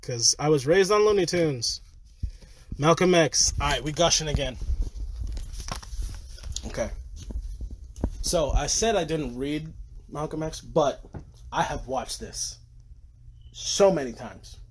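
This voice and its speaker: Male, slightly high voice, very animated. Sleep-deprived, rambling, profane movie fan on a phone stream at home. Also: slow, pauses often, slight background noise. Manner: gushing, rambling, swears freely. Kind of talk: casual livestream rant. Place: room at home at night.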